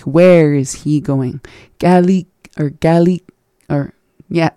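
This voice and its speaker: A language lesson host who teaches phrases slowly, says each one in parts and gives its meaning. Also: mid-range voice, fairly even intonation, vocal fry, mellow, no echo, clean studio sound. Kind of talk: teaching phrases by slow repetition.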